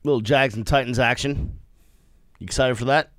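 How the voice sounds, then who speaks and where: A man's voice: mid-range voice, normal speed, no room sound. A man co-hosting a sports radio show, teasing the others and laughing often. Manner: teasing, laughing, very lively delivery. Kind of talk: casual sports banter.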